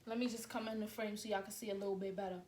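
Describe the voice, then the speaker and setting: A woman in her twenties telling a story to her viewers on camera, animated and acting out the scenes as she talks. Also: medium pitch, racing, slight background noise. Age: 20s. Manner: animated, acts out scenes, addresses viewers directly. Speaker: vlogger. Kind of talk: storytime vlog. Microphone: camera mic.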